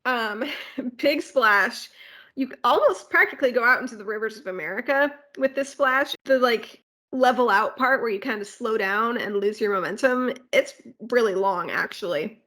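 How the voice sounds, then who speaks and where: A woman's voice: on the high side, moderate pace, pushed and bright. A woman co-hosting a podcast, casually walking through a theme park ride with plenty of fillers and asides. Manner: rambling ride walkthrough with filler words and asides. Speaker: podcast co-host.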